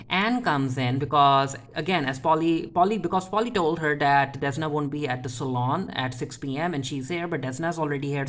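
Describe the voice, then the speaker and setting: A TV episode reviewer in a casual recap, who retells scenes with quick paraphrased quotes and talks in a chatty way, with frequent fillers and restarts. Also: mid-range voice, fairly bright tone.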